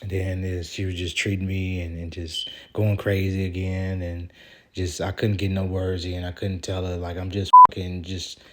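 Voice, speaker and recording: A man's voice: sits low, little pitch movement, normal speed, darkish tone. A man talking straight to the camera in a vlog, venting in a rambling, aggrieved way and swearing casually as he reads out old text messages. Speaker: vlogger. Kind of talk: venting vlog monologue reading out texts.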